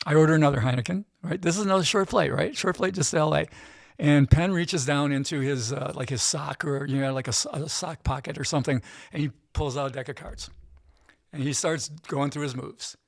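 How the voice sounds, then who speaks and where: A middle-aged man, a gambling expert guest, telling an animated story in casual interview chat and often tagging his lines with "right?". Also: fairly high pitch, brisk, creaky, no room sound, studio quality.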